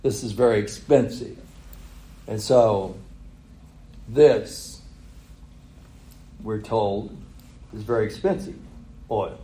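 A man's voice: fairly low pitch, slow, pauses often, mellow, reverberant, rough recording. A man preaching a sermon, retelling a story with chuckles and rhetorical questions. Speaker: pastor.

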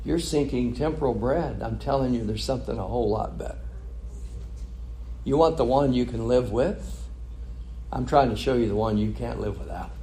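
A man preaching a sermon in a lively way, chuckling and mimicking the voices of the crowd he describes. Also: medium pitch, slight background noise.

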